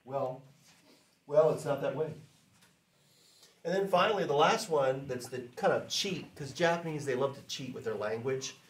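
A man teaching a class in a relaxed, chatty way, saying phrases slowly for students to repeat. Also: mid-range voice, reverberant. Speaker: language teacher.

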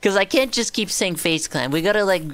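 A woman's voice: mid-range voice, animated, fairly quick, a bit bright, soft background music. A woman streaming a game, chatting casually to her viewers with profane jokes. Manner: profane, joking, talks to chat. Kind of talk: casual gaming commentary.

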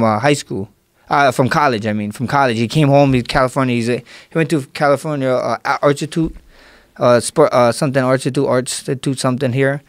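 A man's voice: medium pitch, dry recording, studio quality. A young man in his twenties, a guest fighter, telling stories in casual chat and laughing as he goes. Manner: animated, laughs while telling. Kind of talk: casual storytelling.

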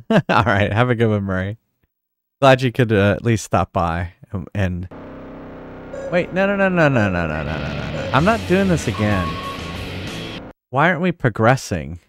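A man streaming a game, joking and thinking out loud as he plays. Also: fairly low pitch, sing-song, normal speed, pauses often, soft background music. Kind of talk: casual gameplay commentary.

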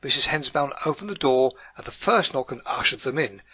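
A man reading an audiobook with wry, measured storytelling. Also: mid-range voice, expressive, pushed and bright, slightly rough, no echo. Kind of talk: audiobook narration.

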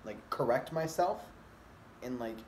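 A man talks casually to his camera and rambles, full of fillers, restarts and loose asides. His voice sits at an ordinary middle pitch. The room around him is echoey, with a faint hum of ambience behind. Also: animated, a little slow, a little mellow. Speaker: vlogger. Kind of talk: casual rambling vlog talk.

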